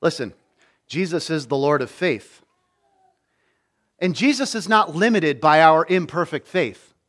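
A man's voice: a little high, expressive, a little slow, fairly bright tone. A man, a pastor, preaching a sermon with emphatic delivery, repeating key phrases and acting out quoted lines.

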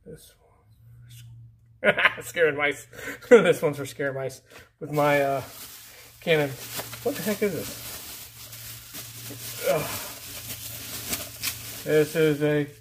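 A man hosting a casual mail-call vlog, rambling and easygoing as he opens packages, often trailing off into low mutters. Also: takes it slowly, pauses often. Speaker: YouTube channel host. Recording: faint background noise.

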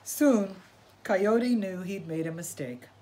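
Storyteller, woman, expressive picture-book reading, slow and unhurried. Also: mid-range voice, a little hiss or hum. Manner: expressive, asking listeners questions.

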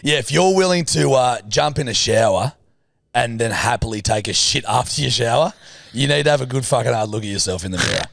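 A man's voice: medium pitch, animated, a little fast, creaky, a bit bright, no room sound, studio quality. A man with an Australian accent co-hosting a podcast in crude, teasing banter. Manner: crude, teasing, jokey voices. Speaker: podcast co-host. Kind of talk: casual banter.

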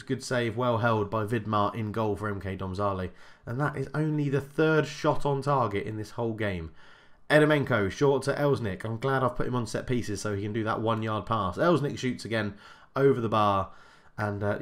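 A man's voice: mid-range voice, fairly bright tone. A man commentating a football management game, calling the match like a commentator and adding casual asides. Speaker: gaming YouTuber. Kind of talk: let's-play commentary.

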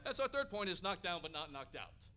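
Pastor guy from hawaii, high bright voice, energetic sermon storytelling. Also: brisk, smooth.

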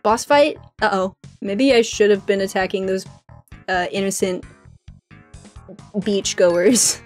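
A woman's voice: medium pitch, fairly even intonation, slow pace, faint music behind. A young woman streaming a game, commenting casually and playfully, often giggling.

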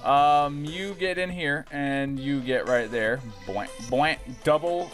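A young man giving casual, profane let's-play commentary, rambling and breaking into excited yells. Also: fairly high pitch, slow, soft background music. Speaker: gaming YouTuber.

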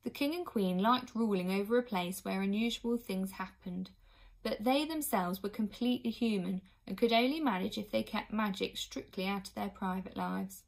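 Woman storybook narrator, clear, expressive reading. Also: mid-range voice, moderate pace. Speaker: audiobook reader.

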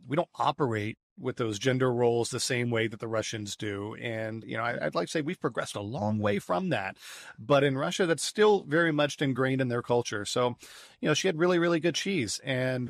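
A man, a podcast guest, telling stories in a lively conversational way and often repeating words as he restarts. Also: medium pitch, a little fast, creaky, dry recording, clean studio sound. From United States. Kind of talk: storytelling in a conversational interview.

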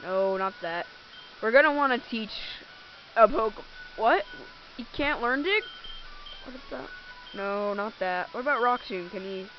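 Woman let's play host, slow rambling commentary, self-correcting, lo-fi mic. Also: fairly high pitch, animated, faint music behind. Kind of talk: casual gameplay commentary. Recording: dull lo-fi recording.

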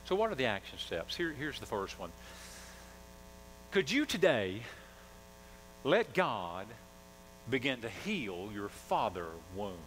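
A man's voice: medium pitch, very animated, takes it slowly, pauses often, a bit bright, slight background noise, low-quality recording. A male pastor preaching a sermon, emphatic, asking the congregation call-and-response questions.

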